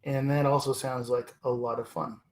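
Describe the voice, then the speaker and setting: Male stream host, off-the-cuff chatter, meandering and halting, mid pitch. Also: flat delivery. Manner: rambling, hesitant, with many ums and self-corrections. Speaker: livestream host. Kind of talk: casual livestream chat.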